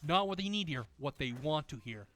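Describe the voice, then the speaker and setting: A gaming video creator talks casually over gameplay in a fairly bright, somewhat high voice, speaking animatedly and a little fast. He rants at length, swears heavily, and rambles with many restarts and fillers. A slight hiss or hum sits under the recording.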